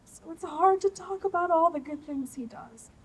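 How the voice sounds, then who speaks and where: A woman with a high voice speaks at an outdoor rally about her husband. Her delivery is soft, personal and emotional. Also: moderate pace, rough recording. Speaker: wife of the detained man.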